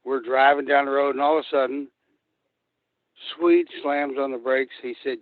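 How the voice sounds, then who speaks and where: Phoning into a show as a guest, an older wrestler spins rambling, profane tales from the road. His medium pitch stays fairly even at a normal speed, with no room sound on the tinny phone line.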